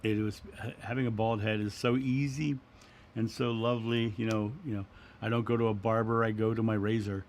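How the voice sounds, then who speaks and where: A middle-aged man hosting a spiritual livestream, talking in a gentle, reflective way as he answers viewers. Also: fairly low pitch, little pitch movement, brisk, a little hiss or hum. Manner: gentle, reflective, repeats words and restarts. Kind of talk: casual spiritual talk.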